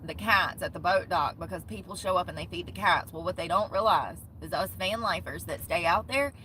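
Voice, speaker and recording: A woman's voice: lowish voice, a little fast, sharp tone, a little hiss or hum. A young woman vlogging about van life, telling an indignant, profane story in short bursts. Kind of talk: ranting vlog storytime.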